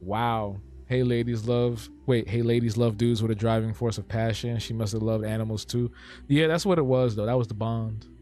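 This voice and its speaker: A man's voice: mid-range voice, fairly even intonation, moderate pace, warm tone. A man streaming live while he draws cartoons, joking and reacting to his chat as he thinks aloud.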